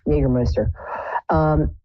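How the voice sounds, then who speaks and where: Low husky woman rambling and joking on a webcam psychic show, sound a bit muffled. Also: steady tone, unhurried, no echo. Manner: wry, self-mocking, rambling jokes. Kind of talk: casual chat. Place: indoors, home.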